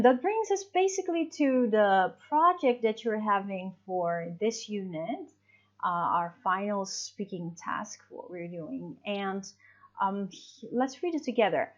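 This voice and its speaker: A woman's voice: mid-range voice, muffled recording. A woman teacher talking through a recorded online English lesson in a chatty, explaining way, full of little fillers.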